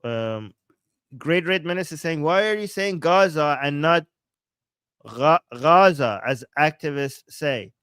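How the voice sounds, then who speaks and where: A man from Iran, hosting a live-streamed political commentary, reading chat aloud with a sarcastic, animated manner and frequent laughs. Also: on the high side, a little slow, clear, resonant tone, no room sound. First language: Persian. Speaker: political commentator and livestream host.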